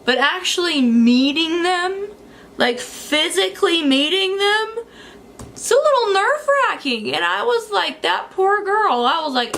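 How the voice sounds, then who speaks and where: A woman's voice: very high-pitched, sing-song, takes it slowly, gravelly, fairly bright tone. A young woman telling a story in a casual vlog, chatty, with many fillers and frequent laughs. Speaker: beauty vlogger.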